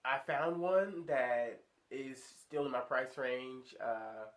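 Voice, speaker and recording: A young man telling a story to his viewers in a casual, slangy, animated way, sounding stuffy from a sinus infection. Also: slow. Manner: animated, slangy, acts out high squeaky voices in quotes. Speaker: vlogger.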